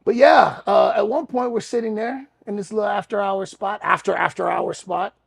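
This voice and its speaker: A man co-hosting a podcast and spinning a late-night story in a relaxed, cussing street drawl. His voice is heavily gravelly and fried, with a husky, breathy edge. It sits a bit high for a man. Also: normal speed, no room sound. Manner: loose, profane, laid-back street talk. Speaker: podcast co-host. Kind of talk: casual storytelling chat.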